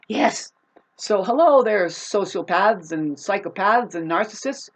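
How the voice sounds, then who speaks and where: A woman ranting to camera in a profane, rambling, confrontational way, swinging between loud outbursts and low muttering. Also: animated, a little slow, a little hiss or hum. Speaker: vlogger. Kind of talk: unscripted rant to camera.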